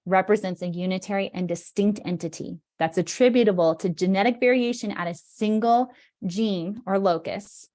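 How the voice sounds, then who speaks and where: A woman's voice: medium pitch, moderate pace, dark tone. A woman giving an online presentation over a video call, explaining with energy and often checking in with "right?".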